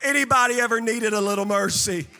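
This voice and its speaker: A male pastor preaching a sermon with sing-song cadence and shouted peaks. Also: very high voice, fast talker, big-room sound, soft background music.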